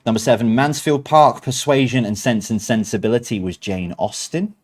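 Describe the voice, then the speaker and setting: A man's voice: mid-range voice, moderate pace. A man hosting a streamed quiz night, reading out answers with chatty, self-mocking asides. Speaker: quiz host.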